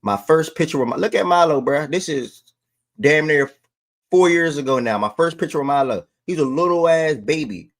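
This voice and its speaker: A man's voice: on the high side, moderate pace. A man hosting a sports livestream, talking to his chat in loose, slangy casual speech. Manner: loose slangy talk, breaks off to call his dog.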